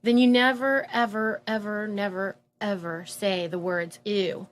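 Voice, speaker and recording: A woman casually telling a personal story, animated and full of fillers, acting out the voices of people she quotes. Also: medium pitch, unhurried. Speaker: guest telling her story.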